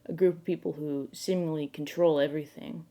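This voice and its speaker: Brief: woman, lowish voice, spoof talk-show host, overblown mock outrage with swearing. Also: fairly even intonation, fairly quick, mellow. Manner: mock-serious ranting, bursts of outraged swearing. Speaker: late-night show host. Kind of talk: mock late-night monologue.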